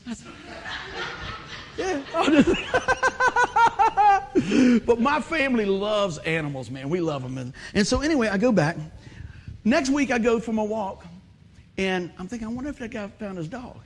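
Very high-voiced preacher. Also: male voice, moderate pace, long pauses, slight background noise. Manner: animated, laughing storyteller acting out voices. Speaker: pastor. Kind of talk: storytelling sermon.

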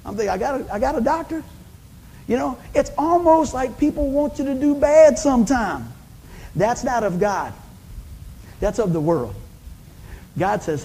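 High-voiced folksy preacher man. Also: lively intonation, a little slow, pauses often, a little mellow, breathy edge, in a large hall, poor audio. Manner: folksy, storytelling, acts out conversations with big pitch swings. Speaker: pastor. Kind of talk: sermon.

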